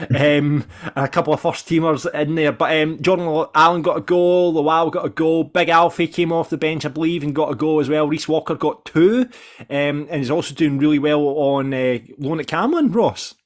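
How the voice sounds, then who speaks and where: Higher-pitched Scottish man chatting excitably. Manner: lively, excitable, laughs easily. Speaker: podcast co-host. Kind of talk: casual football podcast chat.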